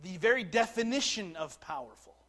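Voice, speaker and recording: High-voiced preacher, loud and soft by turns. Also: male voice, expressive. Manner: swings from quiet asides to loud emphatic declarations; slows right down to stress key words. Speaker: pastor. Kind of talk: sermon.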